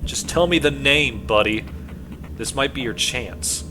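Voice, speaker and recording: A man reading as a pushy, shouting police detective. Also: medium pitch, a little slow, over music, natural voice. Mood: pressing. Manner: needling, swings to shouting threats. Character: gruff male police detective, pushy interrogator.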